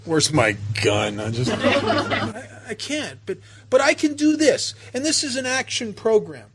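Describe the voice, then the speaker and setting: A man's voice: very high-pitched, very animated, measured pace, a bit bright, a little hiss or hum. A man telling a personal recovery story to a meeting, emotional and self-mocking by turns. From United States. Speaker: recovery speaker.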